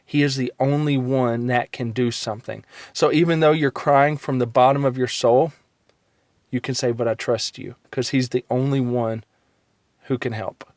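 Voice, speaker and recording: A man giving a short devotional encouragement in an earnest, halting way with frequent ums and restarts. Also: mid-range voice, fairly even intonation, darkish tone, dry recording. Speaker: Christian encourager.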